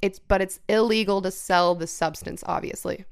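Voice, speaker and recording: A young woman co-hosting a podcast, telling a story in casual chat, animated, swearing often and acting out what people said. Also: medium pitch, moderate pace, vocal fry, clear, resonant tone. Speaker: podcast co-host.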